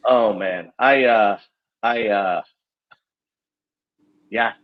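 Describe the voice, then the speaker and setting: Male host, halting and stammery, easygoing chat. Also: on the low side, highs cut off. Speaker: podcast host. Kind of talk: casual chat.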